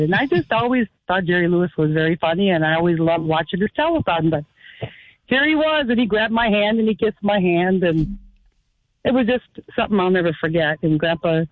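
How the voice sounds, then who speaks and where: A man calling in to a radio show, telling a story in an earnest, halting way. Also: sits high, animated. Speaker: caller. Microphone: phone line. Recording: tinny phone line.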